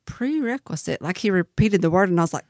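A woman's voice: on the low side, fairly even intonation, quick pace, a little mellow, no echo, studio quality. A woman co-hosting a podcast in casual chat, chatty and self-deprecating. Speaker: podcast co-host.

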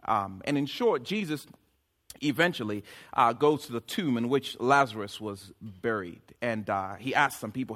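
Bright, lively-voiced preaching man. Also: mid-range voice, normal speed. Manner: animated, joking preaching with sudden loud outbursts. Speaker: pastor. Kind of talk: sermon.

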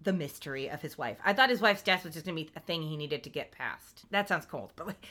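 A woman co-hosting a casual TV recap podcast, talking animatedly, swearing and acting out scenes in quick quoted asides. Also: low voice, expressive, pushed and bright. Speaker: podcast co-host.

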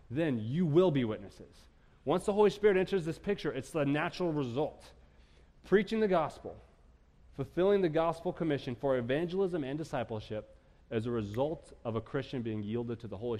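A man preaching a sermon with emphatic delivery, moving between loud declarations and quiet, hushed lines. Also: medium pitch. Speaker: pastor. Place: church sanctuary. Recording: church hall with long reverb.

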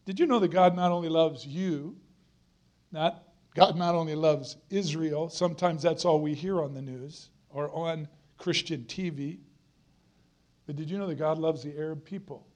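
High-voiced earnest male preacher. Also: normal speed, darkish tone. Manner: earnest, emphatic, repeats phrases for stress. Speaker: guest preacher. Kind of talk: sermon.

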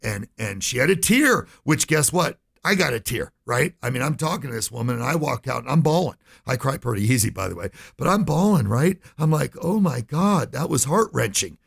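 A man's voice: medium pitch, expressive, fairly quick, gravelly, few pauses, a bit bright, husky. A middle-aged man, a financial advisor, telling a story in an interview and acting out the voices he quotes.

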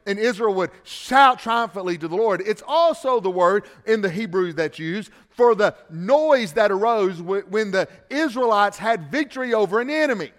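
A man, a pastor, preaching a sermon. He swings between loud emphatic passages and quiet conversational asides, and repeats words when he restarts a phrase. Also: high-pitched, expressive, normal speed, in a large hall.

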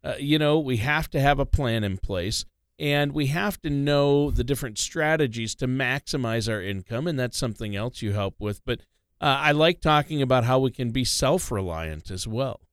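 A man co-hosting a talk show, speaking in a measured way with frequent "uh" fillers. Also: medium pitch, animated, smooth, no room sound, studio quality. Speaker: show co-host. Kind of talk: casual radio chat.

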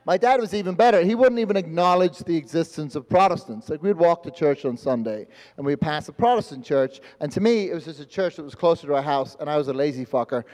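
A man's voice: on the high side, lively intonation, quick pace, few pauses, darkish tone, long reverb tail. A man with a mixed Northern Irish and London accent doing a stand-up set on a live stage, acting out voices and swearing freely. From born in Australia, raised in Northern Ireland. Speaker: stand-up comedian. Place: live comedy venue with audience.

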